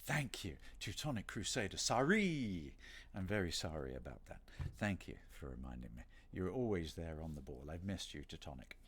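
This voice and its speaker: A deep, husky, slightly bright voice with a sing-song lilt and moderate pace belongs to a middle-aged British voice actor running a signing livestream. He chats in a rambling, self-deprecating way, full of playful asides.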